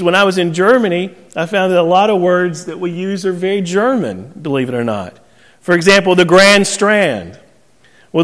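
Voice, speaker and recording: High-voiced Southern pastor in a reverberant hall. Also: male voice. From southern North Carolina. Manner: folksy, joking, laughs often. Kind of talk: sermon.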